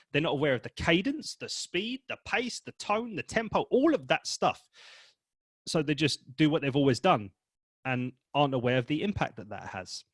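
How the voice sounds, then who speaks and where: Brief: male speaking coach, punchy, blunt, fairly high voice, dry close mic. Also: breathy edge, dry recording. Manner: energetic, emphatic and blunt, with mild swearing. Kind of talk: direct-to-camera coaching talk.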